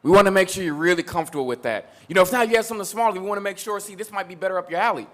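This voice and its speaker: A man's voice: high voice, very fast, natural voice. A man voicing an overly friendly store salesman with eager, rambling sales patter.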